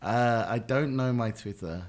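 A man's voice: medium pitch, measured pace, a crowd in the background. A man appearing as a guest comedian, bantering hesitantly and self-deprecatingly. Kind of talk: casual banter.

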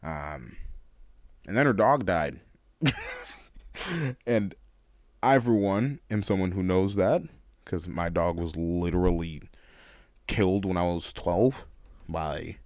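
A young man with a very low voice tells a personal story in a loose, candid way, laughing often and stumbling into restarts. The sound is dry and close, with no room around it. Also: sing-song, unhurried, gravelly, long pauses, darkish tone, no room sound. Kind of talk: casual storytelling monologue.

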